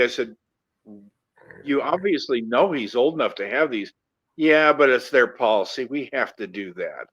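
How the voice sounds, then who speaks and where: A man co-hosting a livestream, telling stories in a relaxed, casual way. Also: medium pitch. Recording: muffled lo-fi audio.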